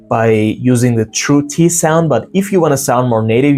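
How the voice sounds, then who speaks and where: A man giving a casual pronunciation lesson, explaining sounds and slowly repeating example words to demonstrate them. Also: medium pitch, darkish tone, soft background music. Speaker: English pronunciation teacher.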